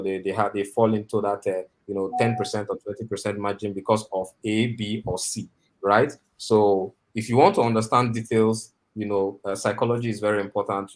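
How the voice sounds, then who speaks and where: Lowish-voiced man mentoring on a call. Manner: rambling, filler-heavy, often asks for agreement. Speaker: mentor teaching interview skills. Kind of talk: instructional talk on a video call. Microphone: video call microphone.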